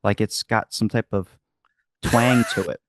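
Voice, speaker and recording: A man's voice: lowish voice, measured pace, no echo. Man, Baltimore accent, casual podcast chat, dry close sound. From Maryland, USA. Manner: animated storyteller, quoting others.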